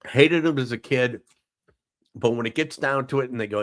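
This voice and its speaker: A man's voice: medium pitch, normal speed. A middle-aged man hosting a casual live talk show. He counts down gifts in a chatty, jokey, rambling way with lots of ums and asides. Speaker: host.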